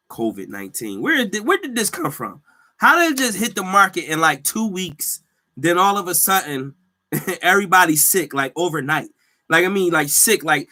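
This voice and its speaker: A man hosting a casual solo podcast, telling stories in animated slang and laughing often. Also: on the high side. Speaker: podcast host; healthcare worker.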